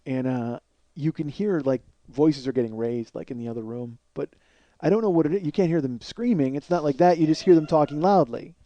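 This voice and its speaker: A man's voice: on the high side, a little fast, mellow, no room sound, lo-fi sound. A man in his forties hosting a comedy podcast, telling a long story in a rambling, profane way that builds into indignant rants. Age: 40s. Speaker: podcast host.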